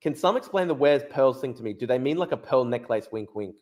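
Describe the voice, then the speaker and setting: Hosting a casual livestream, a young man with a darkish, mid-range voice and lively intonation reads through chat and article lines. He swears freely and speaks bluntly with quick asides, restarting and repeating himself often.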